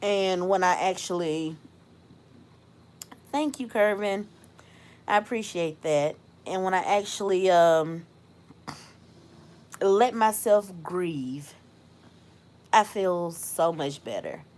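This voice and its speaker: A young adult woman hosting a casual livestream, reflective and unhurried, thanking viewers by name and laughing often. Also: on the low side, animated, a little mellow. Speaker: host.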